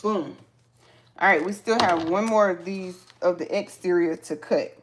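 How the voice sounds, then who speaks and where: Woman craft host, slow and chatty, teaching sewing on a live stream. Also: fairly low pitch, slight background noise. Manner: chatty, talks to viewers as "y'all", excited exclamations. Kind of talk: casual live sewing tutorial.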